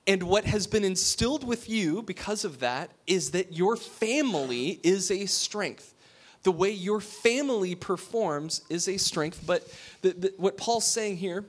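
Frank, high-voiced male preacher. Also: measured pace. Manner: frank, informal, with many restarts. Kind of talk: conversational sermon. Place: room with a small congregation.

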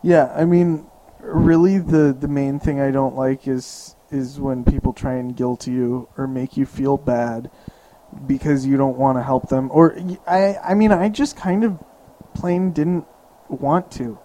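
A man's voice: medium pitch, steady tone, measured pace, warm tone, a little hiss or hum, poor audio. A young man chatting casually as a podcast co-host, easygoing and talkative. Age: young adult. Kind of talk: casual chat.

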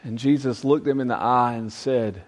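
A man's voice: medium pitch, steady tone, normal speed, a little mellow. A man preaching a youth sermon, conversational and emphatic with folksy asides.

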